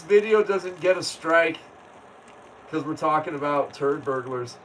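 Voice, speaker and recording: A man chats casually on a livestream, reading comments aloud and laughing often. He talks slowly in a slightly high voice. The mic sits some distance away, with faint noise behind him. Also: lively intonation, fairly bright tone. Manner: laid-back, laughs often, reads viewer comments aloud. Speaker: livestream host.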